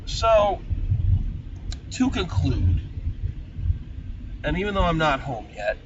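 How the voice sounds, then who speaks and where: A man giving a sarcastic, exasperated film review while driving, swinging from low grumbling to loud ranting. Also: sing-song, normal speed. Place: inside a car. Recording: lo-fi, distant, road noise.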